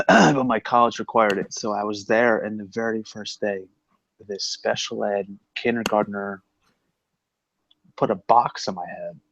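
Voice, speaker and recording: A man in casual livestream banter, excitable and swearing a lot, with loud outbursts. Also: lowish voice, a little slow, vocal fry, dull audio, slight background noise. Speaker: co-host.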